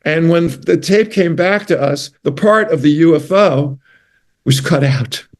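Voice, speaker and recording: An older man with a New York accent tells stories in a casual interview. His voice sits a little high for a man. He rambles from one anecdote to the next and often corrects himself mid-sentence. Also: unhurried. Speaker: guest, retired physician.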